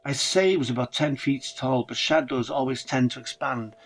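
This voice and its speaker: A man's voice: mid-range voice, steady tone, normal speed, low-quality recording. A man narrating a first-person horror story dramatically, with casual swearing.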